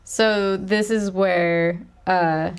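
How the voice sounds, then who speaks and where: A woman co-hosting a film podcast, casually recapping scenes with profanity and quick quoted lines. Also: fairly low pitch, steady tone, smooth. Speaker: podcast co-host. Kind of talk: casual film-discussion chat.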